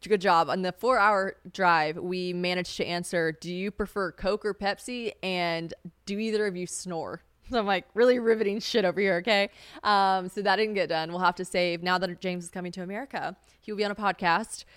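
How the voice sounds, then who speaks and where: Chatty, low-voiced young woman podcaster. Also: fairly even intonation, moderate pace, fairly bright tone, clean tone, dry recording, studio quality. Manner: chatty, swearing, laughs, acts out quotes in a high voice. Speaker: podcast host. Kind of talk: casual solo podcast chat.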